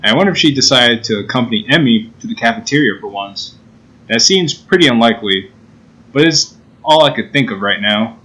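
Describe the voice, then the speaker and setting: A man's voice: mid-range voice, lively intonation, a little fast, bright, forceful tone, low-quality recording. A man hosting a gaming channel, reading a visual novel aloud in a playful way and joking about the story. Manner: playful, laughs at his own jokes.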